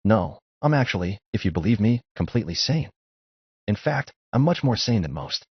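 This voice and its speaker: A man voicing a cryptic, calm young male ninja who talks down casually, on a dull lo-fi recording. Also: lowish voice, moderate pace, breathy edge, exaggerated voice.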